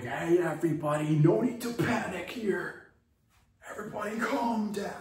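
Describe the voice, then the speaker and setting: Rambling man in echoey room. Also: mid-range voice. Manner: rambling, animated, swearing. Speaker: podcast host. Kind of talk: comedic storytelling. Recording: echoey room, distant mic.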